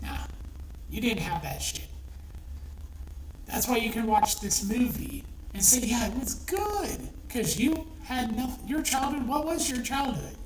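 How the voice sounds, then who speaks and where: A middle-aged online commentator launches into an angry, profane, repetitive rant, heated throughout. Her fairly high voice has lively intonation and an unhurried pace, recorded far from the mic in an echoey room with faint noise.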